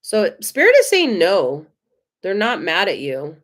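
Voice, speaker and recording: A woman with an American accent giving tarot readings on a live stream, gentle, effusive and reassuring. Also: medium pitch, huge pitch swings, unhurried. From United States. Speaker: tarot reader.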